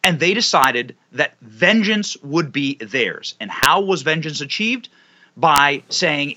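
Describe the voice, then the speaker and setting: Impassioned man with a lively, bright voice. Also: on the high side, lo-fi sound. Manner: emphatic, building, dramatic pauses. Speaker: guest commentator. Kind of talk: impassioned political commentary.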